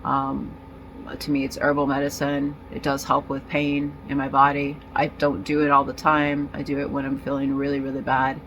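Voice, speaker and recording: A woman's voice: a bass voice, completely flat delivery, fairly bright tone, slight background noise, low-quality recording. Rambling woman vlogging through withdrawal. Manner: rambling, halting, many fillers and restarts. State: in nicotine withdrawal, disoriented. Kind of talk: casual personal vlog.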